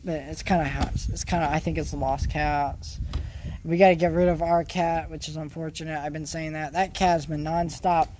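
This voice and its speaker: A man's voice: fairly high pitch, flat delivery, normal speed, darkish tone, a little hiss or hum. A man from California rambling casually in a vlog, with many restarts and fillers. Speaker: vlogger.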